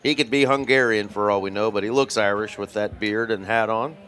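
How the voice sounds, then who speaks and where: A man's voice: on the low side, brisk, fairly bright tone. A man giving live poker color commentary in a joking, playful way.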